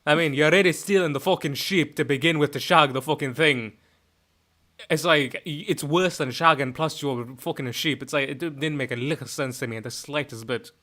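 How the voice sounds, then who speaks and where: A man's voice: a little high, fairly quick, lightly acted. A man putting on a brash, foul-mouthed Scotsman. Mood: ranting. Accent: put-on Scottish. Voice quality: loud, swearing, boastful. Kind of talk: comic impression on a live stream.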